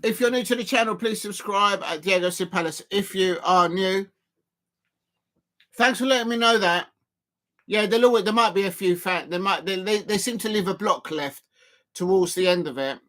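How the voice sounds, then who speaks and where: A man commentating live on a football match for his stream, rambling with many fillers and breaking into excited shouts at chances. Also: high-pitched, normal speed. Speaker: football watch-along streamer.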